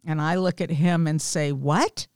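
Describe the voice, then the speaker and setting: A woman's voice: fairly low pitch, a little slow, clean tone, no room sound, studio quality. A woman in her fifties, a small group leader, candidly telling a personal faith story with self-deprecating humor. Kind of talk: personal testimony in casual chat.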